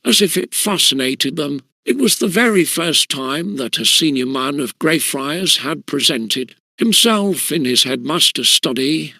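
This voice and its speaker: A man narrating an audiobook in a measured storytelling manner. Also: fairly high pitch, bright, forceful tone, dry recording. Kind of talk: scripted narration.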